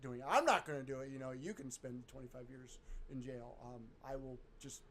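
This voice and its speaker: A man's voice: mid-range voice, fairly quick, a bit bright, slight background noise. A man co-hosting a casual chat show, making dry joking asides. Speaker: podcast co-host.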